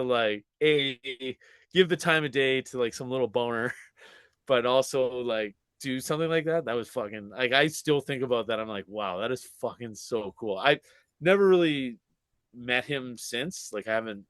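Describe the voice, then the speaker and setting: A man's voice: medium pitch, expressive, measured pace, a bit bright, smooth, no room sound. A man in his forties, a podcast guest telling a story in casual chat, swearing freely, laughing often and acting out what people said. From Canada. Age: 40s.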